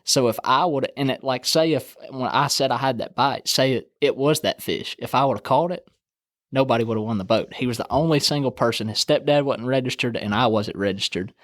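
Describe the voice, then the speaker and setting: Young guy, chatty fishing story, dry close sound, middle pitch. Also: a little fast, no echo. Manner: animated storyteller, acts out quoted friends. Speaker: guest angler telling a fishing story. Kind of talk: casual storytelling.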